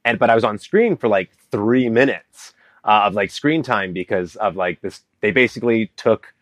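A man from Vancouver, Canada, tells a story as an interview guest. His voice sits low, and it is recorded dry and close. He talks in a lively way and acts out the quotes. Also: moderate pace, no room sound. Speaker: guest, business coach. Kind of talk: animated storytelling in a casual interview.

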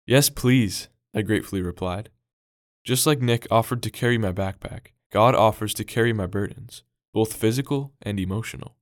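A young man reading a scripted devotional in a calm, earnest way. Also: fairly low pitch, brisk, no room sound, clean studio sound. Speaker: devotional reader.

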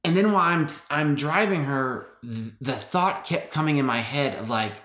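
A man's voice: mid-range voice, expressive, measured pace, bright, forceful tone, roomy sound. A young man casually telling a story to his podcast listeners, chatty and laid-back, full of "like" and "bro.". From Texas. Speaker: podcast host.

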